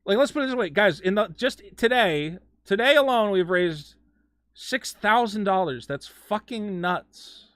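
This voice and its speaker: Man, game streamer, casual chat, excitable, stammering, swearing, bright tense voice, dry close sound. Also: sits high, a little slow, no echo. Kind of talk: casual live-stream chat while gaming.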